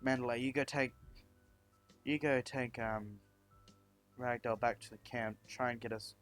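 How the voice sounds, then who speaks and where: Deku, as a man reads him, calm young hero. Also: medium pitch, a little slow, faint music behind, close to an everyday voice. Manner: steady, reassuring, with restarts. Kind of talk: fan story narration.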